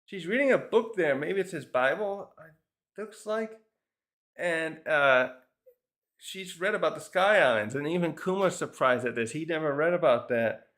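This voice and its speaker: A man's voice: on the high side, expressive, normal speed, fairly bright tone. A man casually reviewing a comic chapter, rambling through the scenes with lots of fillers and little chuckles. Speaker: manga reviewer.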